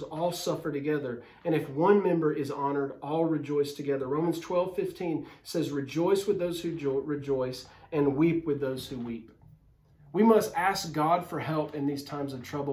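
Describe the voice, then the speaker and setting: A man's voice: on the high side, darkish tone. A man preaching a sermon as a pastor, speaking earnestly and directly to his listeners through a phone camera. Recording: roomy echo.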